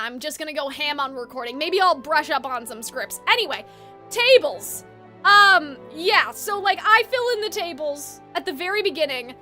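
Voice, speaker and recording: Very high-voiced, bright woman streamer. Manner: rambling and chatty, often correcting herself. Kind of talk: casual live-stream chat.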